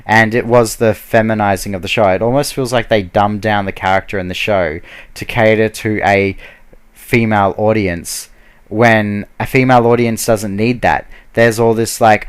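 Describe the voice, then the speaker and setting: A man's voice: on the low side, fairly even intonation, moderate pace, clean tone. A man giving a heated, casual ranting review, full of fillers and restarts. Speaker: video blogger.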